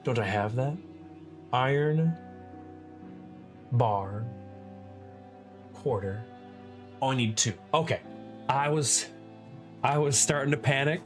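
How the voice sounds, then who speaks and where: A man's voice: medium pitch, takes it slowly, pauses often, faint music behind. A man streaming a survival game, chatting loosely and profanely to himself as he plays. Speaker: gaming streamer and server host. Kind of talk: casual gameplay commentary.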